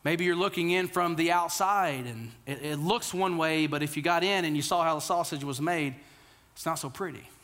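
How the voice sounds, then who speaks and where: A pastor in his thirties delivers a sermon in a fairly high voice. He talks earnestly and conversationally, stumbling over repeated words, then sinks low and quiet to press a point home. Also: moderate pace. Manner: drops to a quiet, low delivery on key lines.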